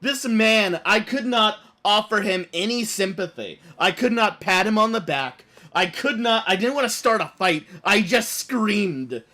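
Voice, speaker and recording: A man streaming a game, telling a story in an animated, rambling way full of fillers. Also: high-pitched. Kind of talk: casual storytelling while playing.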